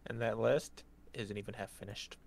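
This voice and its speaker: A man's voice: on the low side, steady tone, normal speed, creaky. A man acting as dungeon master, chatting casually with his players and teasing them. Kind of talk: casual tabletop game chat.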